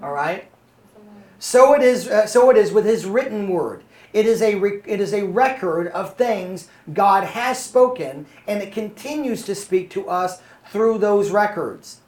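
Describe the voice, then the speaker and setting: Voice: mid-range voice, animated, unhurried, darkish tone, echoey room. A Bible study teacher reading verses to a small group and explaining them, often stopping to check that the listeners are following.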